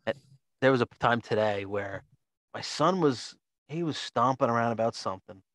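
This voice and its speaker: A man's voice: medium pitch, animated, normal speed, a bit bright, no echo. A man co-hosting a podcast, chatting in a laid-back, profane way and laughing often. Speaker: podcast co-host. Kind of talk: casual chat.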